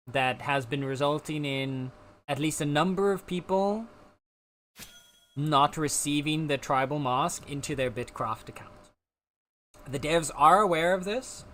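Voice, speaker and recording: A man's voice: on the high side, fairly bright tone, a little hiss or hum. A man livestreaming a game, chatting casually and reassuring his viewers as he answers their chat. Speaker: game streamer.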